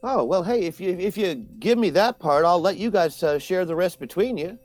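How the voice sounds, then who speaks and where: Guy playing a tabletop game, kinda high voice, joking around, faint music behind. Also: expressive, a little fast, a little mellow. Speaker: player.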